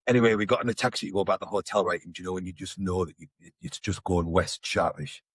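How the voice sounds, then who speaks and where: A man's voice: medium pitch, very fast, hardly any pauses, husky, dry recording. A man telling stories in a casual, slangy podcast chat, swearing freely. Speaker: podcast co-host.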